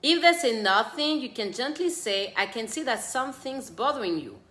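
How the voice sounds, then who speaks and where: Woman, parenting show host, earnest direct advice, bright voice, echoey room. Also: a little high, lively intonation, moderate pace. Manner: earnest, speaks directly to parents, mixes own stories with tips. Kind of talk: casual advice talk.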